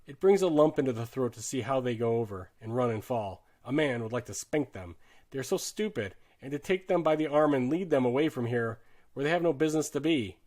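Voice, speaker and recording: A man giving a dramatic audiobook narration of a war novel, earnest and shifting his loudness sharply with the drama. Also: medium pitch, animated, brisk. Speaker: audiobook reader.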